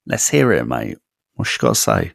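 A man co-hosting a podcast, his pitch rising and falling in a lively way as he chats. The sound is close and dry, with no room echo. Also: normal speed, creaky. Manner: animated, reads out listener comments. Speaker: podcast co-host. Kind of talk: casual podcast chat.

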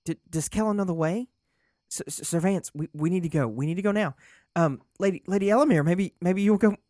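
High elf, formal and urgent, played by a man, dry sound. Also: fairly even intonation, takes it slowly, a little mellow, no echo. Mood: frantic. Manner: solemn and formal, turning frantic.

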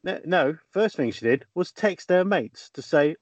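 A man's voice: fairly high pitch, animated, a little slow, no echo, dull audio. A man, co-hosting a podcast and telling a news story with a casual, teasing manner. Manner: storytelling with fillers and teasing questions. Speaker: podcast co-host reading news stories. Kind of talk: casual chat.

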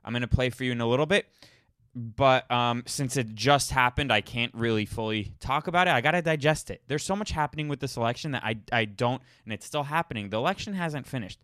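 A man's voice: medium pitch, brisk, fairly bright tone, dry recording, clean studio sound. A man hosting his own podcast, talking casually in a rambling way, often restarting and repeating words. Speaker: podcast host. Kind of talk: casual solo monologue.

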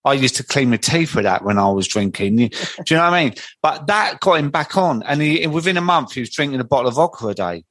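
Male podcast host, mid-pitched, supportive and chatty, dry close mic. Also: expressive, fast talker, hardly any pauses, a bit bright, no room sound. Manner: chatty, supportive, asks follow-up questions. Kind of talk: casual podcast interview.

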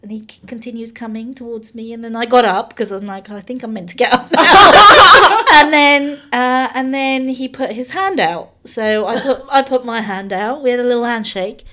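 A woman tells a story in a relaxed chat. Her voice is bright and somewhat high, and she is lively and laughs often as she speaks. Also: normal speed, a little hiss or hum. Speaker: guest telling a story. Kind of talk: casual chat.

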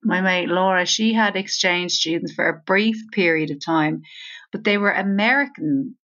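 A woman's voice: lowish voice, normal speed, a bit bright. Irish woman telling rambling stories, lo-fi. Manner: rambling anecdotes, casual swearing. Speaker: podcast co-host. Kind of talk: casual chat. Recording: slightly dull, lo-fi audio.

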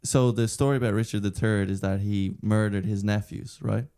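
A man's voice: lowish voice, fairly even intonation, normal speed, warm tone, smooth. A young man co-hosting a chat, explaining things at length in an earnest way. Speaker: podcast co-host. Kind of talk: casual chat.

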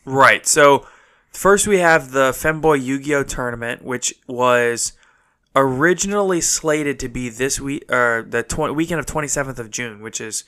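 A man co-hosting a casual podcast chat, talking quickly and a little stuffed up from allergies. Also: medium pitch, bright, forceful tone. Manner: quick, talkative, laughs easily. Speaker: podcast co-host. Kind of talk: casual chat about card games.

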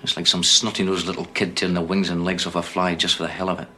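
A man's voice: deep voice, little pitch movement, fast, pushed and bright, slight background noise. An actor playing a grown man musing grimly over senseless killings in an old television drama.

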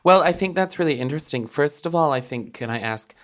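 Deadpan mock-earnest male co-host. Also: fairly high pitch, fairly quick. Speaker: co-host in a comic persona. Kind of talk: deadpan comic role-play.

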